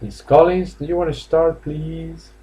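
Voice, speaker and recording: A man's voice: fairly high pitch, fairly even intonation, a little slow, mellow. A man from Spain teaching English live online in a Spanish accent, chatty and coaxing, with lots of fillers and laughs. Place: classroom or office indoors.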